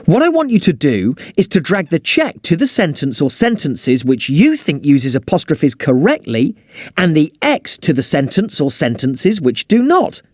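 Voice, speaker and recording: A chatty, lively punctuation tutor. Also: male voice, on the high side, moderate pace, dry recording. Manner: upbeat, chatty, addressing the user directly. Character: friendly upbeat male punctuation tutor. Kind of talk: scripted educational software presenting.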